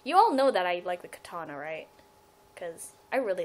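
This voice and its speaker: A woman's voice: on the low side, sing-song, normal speed, a little mellow, rough recording. A young woman talking to her webcam in a casual fan vlog, answering viewer questions. She rambles, giggles and often cuts herself off mid-sentence. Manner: rambling, giggly, self-interrupting. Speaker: fan vlogger.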